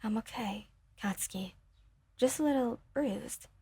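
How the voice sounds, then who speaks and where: Woman playing a hurt young woman, hushed, reassuring, breathy. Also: fairly high pitch, unhurried, no room sound, exaggerated voice.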